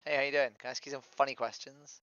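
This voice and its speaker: A vegan activist streams street-outreach style questioning over voice chat, persistently repeating his opener and asking probing questions. His mid-range voice is flat and very fast, against a noisy background, captured in dry lo-fi stream audio.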